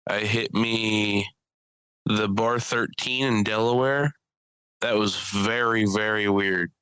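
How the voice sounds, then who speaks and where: Young man, casual podcast chat, rambling comedy stories, crisp voice. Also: fairly low pitch, fairly even intonation, slow pace, dry recording, low-quality recording. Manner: rambling storyteller, swears a lot, acts out people in loud bursts. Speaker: podcast host and stand-up comedian.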